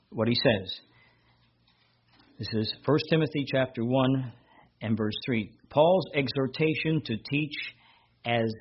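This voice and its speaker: A man preaching a sermon as a pastor, rising in pitch and volume whenever he reads scripture aloud. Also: dull audio, a little hiss or hum.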